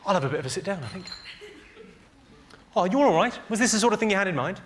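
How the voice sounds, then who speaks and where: A man doing stand-up, roasting the audience with a deadpan, teasing delivery on stage. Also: high voice, quick pace, a little hiss or hum. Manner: deadpan, teasing crowd work. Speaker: stand-up comedian. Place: live theatre with an audience. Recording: loud audience laughter behind.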